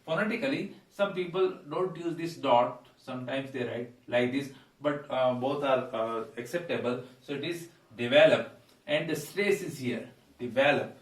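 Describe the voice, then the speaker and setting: A man teaching English pronunciation, pausing on fillers and repeating words slowly. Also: medium pitch, far from the mic. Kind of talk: pronunciation lesson. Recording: echoey room, voice away from mic.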